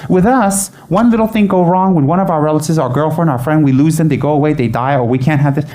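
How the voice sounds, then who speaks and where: A man teaching Buddhism in a chatty, animated way, often restarting his sentences. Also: on the high side, fast talker, few pauses. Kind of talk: informal dharma teaching.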